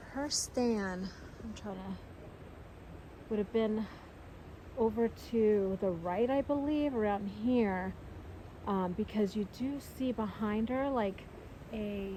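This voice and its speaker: Strolling through a wintry town on a casual walking-tour vlog, this woman visits film locations, thinking out loud in a chatty, exclamatory way. She speaks slowly at a medium pitch, leaving long pauses, and a little background noise can be heard.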